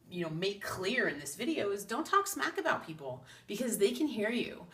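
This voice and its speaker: A woman's voice: lowish voice, fairly bright tone. A woman casually talking to camera about spiritual ideas in an earnest, chatty way, slipping into quoted asides. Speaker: psychic channel host. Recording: roomy echo, from a distance.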